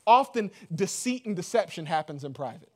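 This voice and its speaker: A man's voice: sits high, big pitch swings, fairly quick, darkish tone. A man preaching a sermon in a loose, conversational way, joking and full of fillers. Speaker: pastor.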